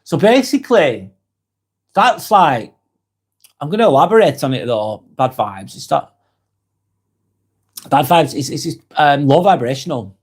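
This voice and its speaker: Soft-spoken British man chatting live. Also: on the high side, big pitch swings, a little slow, pauses often. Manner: soft-spoken and sympathetic, laughs lightly, chats with viewers by name. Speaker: live stream host. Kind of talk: casual live stream chat, reading viewer comments.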